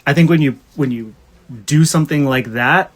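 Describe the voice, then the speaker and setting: A man's voice: on the high side, moderate pace. A man co-hosting a podcast in casual chat, rambling and swearing as he rants with energy. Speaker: podcast co-host.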